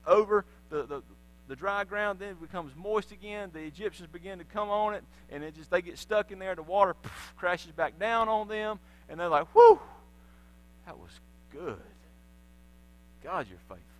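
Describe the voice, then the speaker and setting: A man's voice: sits high, normal speed, fairly bright tone, rough recording. A man preaching a sermon in church, telling the story animatedly and acting out the voices of the people in it. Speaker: pastor. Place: church sanctuary.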